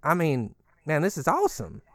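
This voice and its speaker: A man playing a laid-back, foul-mouthed resident who rambles on with a swooping, animated voice. The sound is dry and close, with nothing in the background. It is a comedy podcast. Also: normal speed, dry recording, full character voice. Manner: chatty, crude, swinging pitch. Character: rambling, easygoing male resident inside a giant creature.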